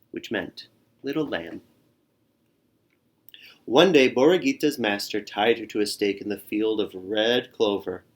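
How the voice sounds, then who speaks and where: A man reading a children's picture book aloud, expressive and adding little sound effects. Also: fairly low pitch. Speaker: storyteller.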